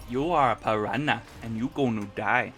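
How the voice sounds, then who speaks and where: A young man giving casual commentary while playing a card game, reacting with sudden high-pitched exclamations. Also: moderate pace, faint music behind. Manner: animated, jumps into high squeaky exclamations. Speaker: gaming channel host.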